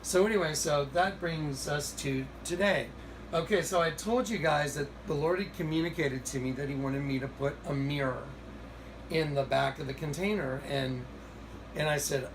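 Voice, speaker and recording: A man telling a rambling, excited story in a casual recorded monologue. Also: fairly high pitch, moderate pace, slight background noise, rough recording. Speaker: video host.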